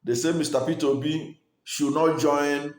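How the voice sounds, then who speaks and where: A man from Nigeria giving earnest, argumentative political commentary, pausing with fillers and restarting his sentences. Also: fairly high pitch, fairly even intonation, roomy sound.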